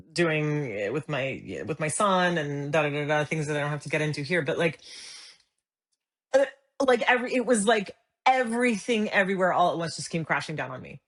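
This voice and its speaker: A woman's voice: sits low, moderate pace. A middle-aged woman telling a story as an interview guest, acting out the dialogue as she goes. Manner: animated, acts out quoted dialogue. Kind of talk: conversational storytelling.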